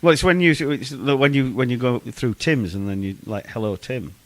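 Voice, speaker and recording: A man's voice: mid-range voice, animated, normal speed, dry recording. A man with an English accent co-hosting a casual podcast, explaining things with restarts and dry jabs. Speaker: podcast co-host. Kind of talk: casual banter.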